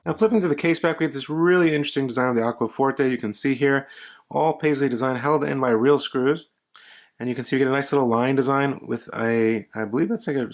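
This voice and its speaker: A man narrating a casual watch review in an easygoing way, often doubling his words of praise, recorded as a voice-over for close-up footage. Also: mid-range voice. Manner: easygoing, repeats praise words ("really, really nice").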